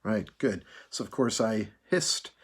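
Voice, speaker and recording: A man leading a choir through breathing and vocal warm-ups, calm and patient, counting out each breath. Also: lowish voice, unhurried, breathy edge. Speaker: choir director.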